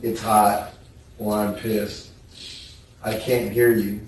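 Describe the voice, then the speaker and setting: Slow, flat-voiced man testifying in court. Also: lowish voice. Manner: slow, flat, measured reading. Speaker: witness reading messages in court. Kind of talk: courtroom testimony, reading text messages aloud. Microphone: distant courtroom microphone. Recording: echoey courtroom audio from far off with faint noise.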